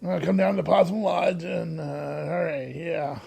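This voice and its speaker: An easygoing handyman host from a TV show, middle-aged and folksy, drawling along with plenty of "all right" and "yeah" fillers, as a man puts him on. The voice sits a little high and has a gravelly crackle to it. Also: fairly even intonation, unhurried, warm tone, exaggerated voice.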